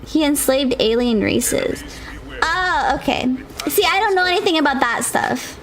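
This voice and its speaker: A young woman streaming a video game, chatting casually with viewers and reacting with loud shrieks. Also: high-pitched, expressive, a little slow. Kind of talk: casual live-stream chat while gaming. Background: game music and sounds.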